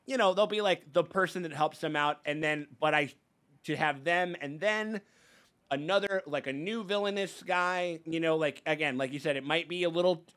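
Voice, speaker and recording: A man's voice: on the high side, a bit bright. A man hosting a casual reaction show, talking in a rambling way with many restarts and some swearing. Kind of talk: casual chat.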